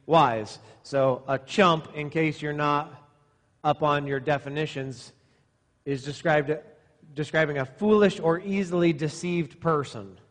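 A man's voice: fairly high pitch, fairly even intonation, unhurried. Man preaching in an echoing hall. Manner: sarcastic, exaggerating for effect. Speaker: pastor. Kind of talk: sermon to young men. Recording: long reverb in a hall.

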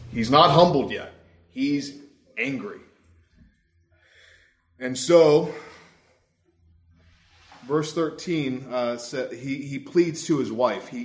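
A young adult man preaching a sermon in a conversational, wry storytelling way. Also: medium pitch. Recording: roomy echo.

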